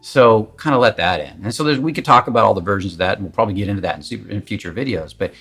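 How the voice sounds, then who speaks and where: Deep, husky male coaching voice. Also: very fast, a bit bright, soft background music. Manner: candid, emphatic, conversational, swears at times. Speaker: confidence coach. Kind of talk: casual coaching talk to camera.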